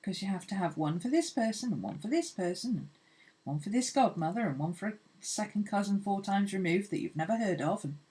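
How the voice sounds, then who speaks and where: A woman's voice: mid-range voice, expressive, fairly quick, mellow. A woman hosting an art channel, chatting casually and rambling cheerfully as she sketches. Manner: chatty, rambling, laughs easily. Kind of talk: casual chat while sketching.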